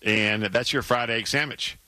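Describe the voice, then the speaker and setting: A man co-hosting a sports radio show in casual chat, animated and emphatic, often repeating words when he gets worked up. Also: mid-range voice, measured pace, no room sound. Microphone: studio microphone.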